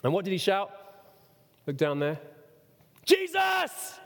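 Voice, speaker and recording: Preacher with a lively, ringing voice in a hall. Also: male voice, fairly high pitch, normal speed. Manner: expressive preaching, rhetorical questions, sudden shouts. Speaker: pastor. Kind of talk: sermon. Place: church. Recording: long reverb of a church hall.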